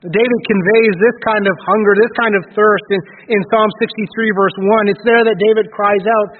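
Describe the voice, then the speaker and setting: A pastor with a high-pitched voice delivers an earnest sermon, pausing and restarting his phrases. His voice carries a long reverb, as if filling a large hall, and comes through a narrow, phone-like radio broadcast. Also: steady tone, slight background noise. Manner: earnest preaching with frequent restarts and pauses.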